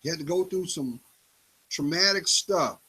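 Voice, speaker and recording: A man giving an emphatic motivational talk in a preachy style, swinging his pitch up and down for effect. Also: lively intonation, normal speed, sharp tone, slightly rough, rough recording. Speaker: motivational speaker.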